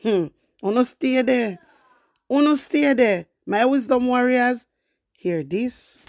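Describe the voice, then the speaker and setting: A woman's voice: fairly high pitch, takes it slowly, a little mellow, no echo. A Jamaican woman giving emphatic political commentary to her viewers in heavy patois, repeating her points for effect. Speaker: online commentator.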